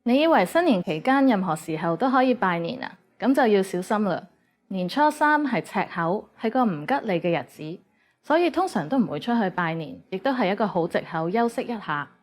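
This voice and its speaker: A woman's voice: mid-range voice, very animated, brisk. Woman narrating a language lesson. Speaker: language teacher. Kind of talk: scripted narration.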